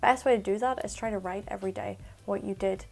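A woman tutor teaching phrases in a casual spoken lesson, explaining quickly in a chatty way and repeating examples slowly. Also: medium pitch, fairly even intonation, gravelly, a little mellow. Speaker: Irish language tutor.

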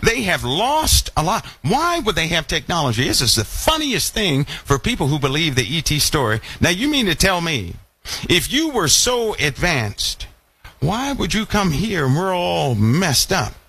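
A man's voice: a little high, unhurried, breathy edge, no room sound. A man preaching a live online Bible lesson, asking many rhetorical questions. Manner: animated, full of rhetorical questions.

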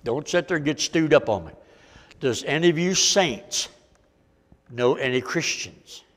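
A man's voice: on the high side, expressive, measured pace. Preacher man in a reverberant church. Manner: folksy preaching, swinging between loud and hushed. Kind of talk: sermon.

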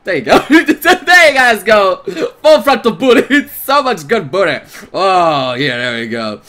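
A man streaming a visual novel, reading its narration aloud and reacting in an excitable, jokey way. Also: sits high, a little slow. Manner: excitable, jokey, breaks into laughter.

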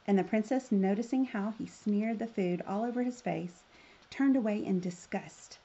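A woman reading a children's fairy tale aloud in a gentle, expressive way. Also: medium pitch, normal speed, slightly rough, dull audio. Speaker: storyteller.

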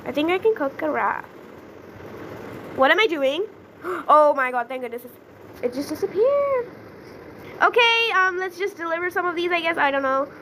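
High bright young woman gaming. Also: normal speed, a little hiss or hum, low-quality recording. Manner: chatty, easily flustered, gasps and exclaims. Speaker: gaming YouTuber. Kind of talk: casual gameplay commentary.

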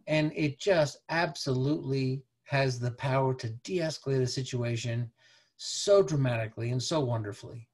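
Man giving a halting slide lecture. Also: medium pitch. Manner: conversational, halting, peppered with "you know". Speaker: parenting presenter.

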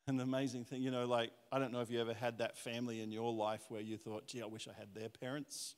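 A man's voice: medium pitch, fast talker, few pauses. A middle-aged man preaching a sermon, telling a personal story and acting out the voices of the people in it. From Australia. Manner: animated storytelling, acts out quoted voices. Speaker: pastor. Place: church hall. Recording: church hall with long reverb.

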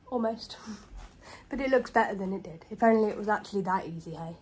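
With a washing machine and tumble dryer going in the background, a breathless young woman with a British accent chats in her kitchen for a home vlog, baby-talking to her pets. Her voice is mid-range, darkish and a little fast, and the recording is noisy.

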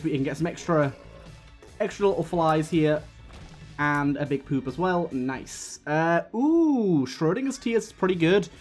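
A man's voice: on the high side, darkish tone. Guy rambling over his gameplay, hiccuping a bit, faint game music behind. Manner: chatty, rambling, frequent fillers and restarts. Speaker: gaming YouTuber. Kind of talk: casual gameplay commentary.

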